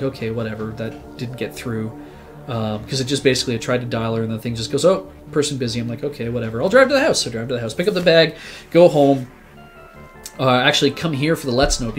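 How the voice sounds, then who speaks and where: A man, a regular on the show, telling a long rambling story in casual chat, swearing and acting out what he said at the time. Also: medium pitch. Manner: rambling, animated, swears, acts out his own quotes. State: sick.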